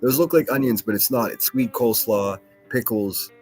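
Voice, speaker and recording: A man's voice: mid-range voice, normal speed, slightly rough, faint music behind. A man hosting a solo podcast, rambling casually with lots of swearing, fillers and restarts. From Pittsburgh, USA.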